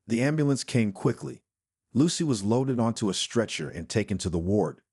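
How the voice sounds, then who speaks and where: A man's voice: lowish voice, animated, moderate pace, darkish tone, breathy edge, no room sound, studio quality. A man narrating a family story and reading all the characters' lines in much the same voice. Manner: reads every character in one lightly varied voice.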